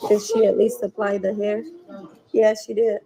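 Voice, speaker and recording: A woman's voice: medium pitch, flat delivery, moderate pace, dark tone, low-quality recording. A woman chatting casually on a livestream, replying to comments from viewers.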